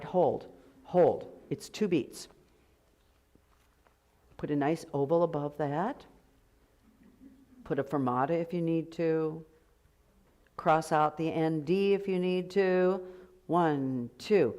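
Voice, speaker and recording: A woman's voice: fairly low pitch, darkish tone. A woman directing a choir rehearsal, counting beats aloud and sometimes singing the counts to demonstrate. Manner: sings short count phrases to demonstrate. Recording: music heard clearly behind the voice.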